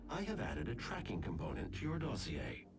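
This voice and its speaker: A man voicing a calm male AI giving diagnostics in a game, measured and technical. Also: fairly low pitch, gravelly, heavy background noise, heavily acted. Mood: informative. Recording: game audio behind music.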